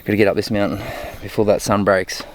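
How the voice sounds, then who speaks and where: A man's voice: on the low side, flat delivery, fast, noisy background. A man with an Australian accent talking casually to the camera while climbing a steep mountain trail, stopping to catch his breath between phrases. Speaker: hiking vlogger. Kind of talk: casual vlog narration.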